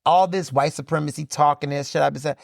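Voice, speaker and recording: A man hosting his own podcast, talking in a casual, sassy and animated way and speaking straight to his listeners. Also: on the high side, fast talker, creaky, no echo, studio quality. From Philadelphia, USA. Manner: animated, sassy, conversational, addresses listeners as "y'all". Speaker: podcast host. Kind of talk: casual solo commentary.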